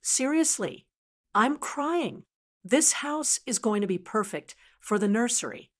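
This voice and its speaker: A woman's voice: on the high side, lively intonation, measured pace. A woman voicing a young pregnant granddaughter who talks in a giddy, bubbly way.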